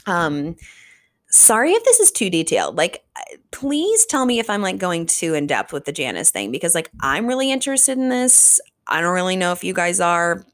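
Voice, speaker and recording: A woman's voice: on the low side, big pitch swings, moderate pace. A young woman hosting a podcast, recapping a book in a chatty, casual way, full of fillers and swearing. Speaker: podcast host. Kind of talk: casual chat.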